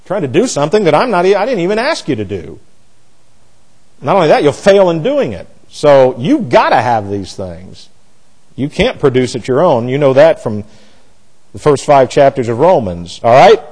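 A man's voice: normal speed, breathy edge, low-quality recording. A man preaching an expository Bible sermon, emphatic, with rhetorical questions and repeated words. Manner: animated pitch jumps for emphasis. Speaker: pastor.

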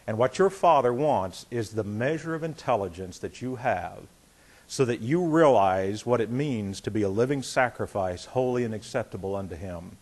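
A man's voice: fairly low pitch, moderate pace. A middle-aged male pastor preaching a sermon in a conversational way, telling a story and acting out the voices in it. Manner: conversational, animated, acts out quotes.

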